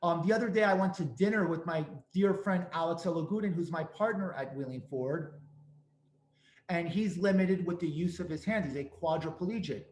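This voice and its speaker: A man's voice: a little high, normal speed, a little mellow, roomy sound. A man hosting a talk, giving earnest, emphatic advice and stressing his key points over and over. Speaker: host and speaker on restaurant accessibility.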